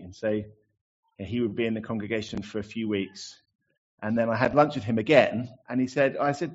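A man's voice: fairly low pitch, fairly even intonation, a little fast, husky, dull audio. A man preaching a sermon, chatty and self-deprecating, with many fillers as he tells anecdotes. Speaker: pastor.

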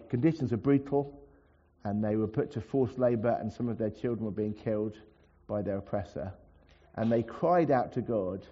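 A man's voice: mid-range voice, dark tone, breathy edge, lo-fi sound. A man preaching a sermon to his congregation, in a conversational way with asides and everyday examples. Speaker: pastor. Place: church.

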